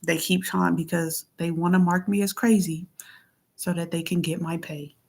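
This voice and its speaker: A woman venting in a casual monologue into her phone, blunt and heavily profane, moving between heated outbursts and low murmurs. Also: little pitch movement, moderate pace, vocal fry, darkish tone, breathy edge. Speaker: vlogger.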